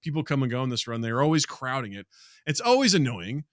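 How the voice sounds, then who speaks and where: A man co-hosting a podcast, telling stories in a dry, deadpan way with plenty of swearing. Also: medium pitch, fast talker, dry recording. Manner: dry, deadpan storyteller with lots of profanity. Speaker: podcast co-host. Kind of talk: casual chat.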